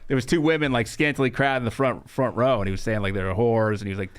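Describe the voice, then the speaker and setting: A man's voice: medium pitch, clear, resonant tone. A man co-hosting a podcast, chatting casually and acting out the people he quotes. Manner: rapid, lively, acts out quotes. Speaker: podcast co-host. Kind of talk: casual chat.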